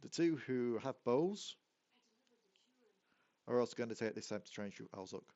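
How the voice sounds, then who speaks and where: A man's voice: medium pitch, expressive, moderate pace, darkish tone, highs cut off. Easygoing man running a tabletop game. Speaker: game master.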